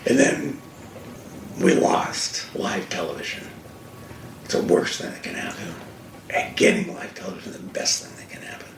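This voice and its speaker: A man's voice: deep voice, vocal fry. An older man, a guest and racing TV commentator, telling stories emphatically in a casual fireside conversation, recorded from a distance in an echoey room. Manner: animated, emphatic storytelling. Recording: echoey room, distant mic, faint hiss.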